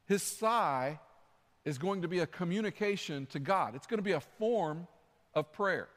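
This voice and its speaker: High-voiced man preaching in a hall. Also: lively intonation, moderate pace, fairly bright tone. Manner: conversational, earnest preaching with repeated phrases. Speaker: pastor. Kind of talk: sermon. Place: church sanctuary.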